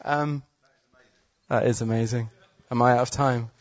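A man preaching, telling a healing story with excited laughter, then praying with urgent declarations over the crowd. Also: medium pitch, measured pace, pauses often, dry recording. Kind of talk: testimony storytelling and healing prayer. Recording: dull, slightly muffled sound.

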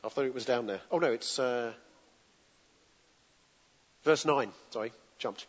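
A man preaching a sermon in a relaxed, conversational way, often asking the congregation to join in and answer back. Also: mid-range voice, unhurried. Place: church hall with congregation. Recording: dull lo-fi recording with long hall reverb.

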